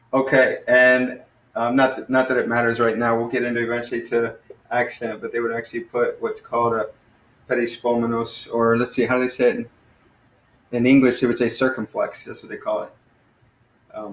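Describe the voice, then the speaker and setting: A man leads an informal online class, wandering through his points with frequent fillers and restarts. His voice sits in an ordinary middle pitch. The room around him sounds echoey. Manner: rambling, lots of fillers and self-corrections. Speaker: teacher.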